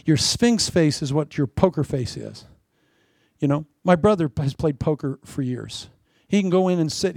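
Male preacher, gravelly, bouncy up-and-down delivery, joking sermon. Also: on the high side, no room sound, studio quality. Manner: animated, joking, often laughing, drops to soft asides. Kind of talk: lively comic sermon.

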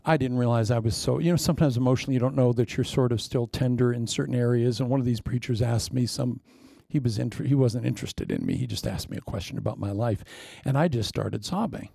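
A man delivers a sermon in a gravelly, mellow voice. He tells the story in an animated way, acting out lines and throwing in sudden asides to the congregation. The sound is dry, with no room echo. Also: medium pitch, fast, few pauses. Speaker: preacher.

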